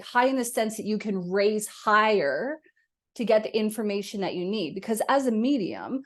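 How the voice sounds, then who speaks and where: A woman guest, a medium, talking in a casual interview, animated and expressive as she explains. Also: mid-range voice. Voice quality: animated, talks with her hands.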